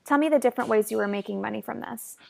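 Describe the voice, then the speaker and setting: A woman's voice: a little high, rapid-fire, gravelly, a little mellow. A woman hosting a podcast, upbeat and explaining practical tips to her listeners. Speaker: podcast host. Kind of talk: casual podcast interview.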